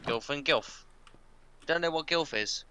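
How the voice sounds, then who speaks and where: An English man chatting on a livestream with sarcastic, deadpan banter. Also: on the high side, unhurried, slight background noise. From England. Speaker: guest co-host. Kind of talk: casual chat on a livestream.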